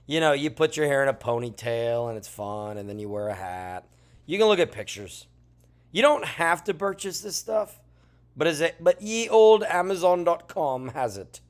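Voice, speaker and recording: A male teacher talking through a classroom lesson in a chatty way, with joking asides, who says he is tired. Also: fairly high pitch. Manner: chatty, lively, jokey asides. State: tired, yawning.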